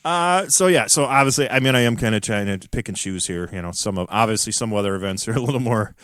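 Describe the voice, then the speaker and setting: A man's voice: fairly low pitch, fast, a bit bright, dry recording, studio quality. A Midwestern man hosting a casual podcast, rambling through his notes with lots of fillers and chuckles. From American Midwest. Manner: rambling, reads notes aloud with many fillers and laughs. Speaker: podcast host. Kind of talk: casual chat.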